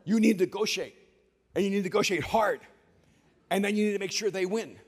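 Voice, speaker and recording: A local guide as a man plays him lays down the rules in a firm, instructive tone, his voice fairly high. It rings out with the long reverb of a big hall. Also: brisk, husky. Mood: insistent. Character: insistent male local guide giving advice.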